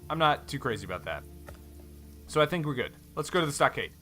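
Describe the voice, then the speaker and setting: A man chatting through a game in a bright, clear voice, easygoing and musing as he weighs each choice. His talk is loose and full of little fillers. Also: on the high side, very animated, fast talker, faint music behind, poor audio. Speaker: let's play host. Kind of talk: casual gameplay commentary and reading.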